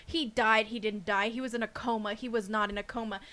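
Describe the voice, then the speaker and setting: A woman co-hosting a casual podcast, her voice bright and sitting a little high. She talks in an animated, emphatic way and swears freely. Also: a little fast. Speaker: podcast co-host.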